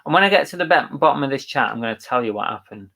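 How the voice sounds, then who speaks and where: A man's voice: mid-range voice, animated, racing, vocal fry, sharp tone. A man co-hosting a live reselling show, chatting casually and reading out viewer comments. He talks in an agreeable, thinking-aloud way.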